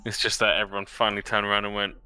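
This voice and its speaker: A man's voice: on the low side, monotone, rapid-fire, bright, forceful tone, clean tone. A man playing a tabletop game, chatting animatedly, swearing freely and laughing a lot. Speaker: player. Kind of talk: casual chat at a tabletop game.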